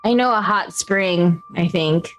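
A woman player chatting casually during a tabletop game, relaxed and hesitant. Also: on the low side, a little slow, soft background music, poor audio. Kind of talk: casual chat.

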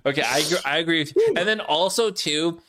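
A man's voice: fairly high pitch, lively intonation, a little fast, a bit bright, a little hiss or hum. A man hosting a gaming podcast in casual chat, teasing, laughing often, and setting up would-you-rather questions. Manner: laughing, teasing, sets up games. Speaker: podcast host.

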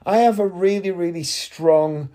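A man's voice: high voice, measured pace, mellow. A man telling a story as a casual monologue in an indignant, sarcastic ranting way. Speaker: podcast host.

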